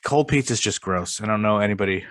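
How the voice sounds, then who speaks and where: A man's voice: on the low side, quick pace. A young man co-hosting a podcast in casual chat, blunt and argumentative, swearing often. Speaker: podcast co-host.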